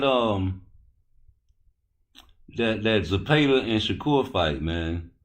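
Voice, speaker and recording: Guy w a low voice ranting about boxing on a live stream, swears a lot, all over the place. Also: expressive, slow, pauses often, a bit bright. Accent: Baltimore. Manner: loose, profane, rambling street talk. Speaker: boxing talk show host. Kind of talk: live-stream talk, addressing chat.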